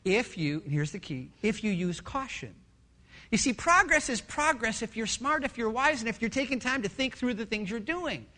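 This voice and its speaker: A middle-aged male pastor preaching a sermon with passion, swinging from loud to hushed. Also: very high voice, very animated, moderate pace.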